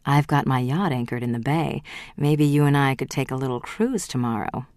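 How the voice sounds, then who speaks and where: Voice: mid-range voice, normal speed, a little mellow, no room sound, studio quality, natural voice. An audiobook reader voicing a flirtatious man with a yacht, talking in a breezy, forward way. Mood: flirting.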